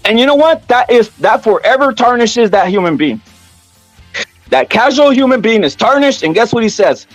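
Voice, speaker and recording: A man's voice: very high-pitched, lively intonation, moderate pace, dry recording, faint music behind. A man hosting a casual boxing rant, profane, repetitive and heated. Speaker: boxing commentary channel host.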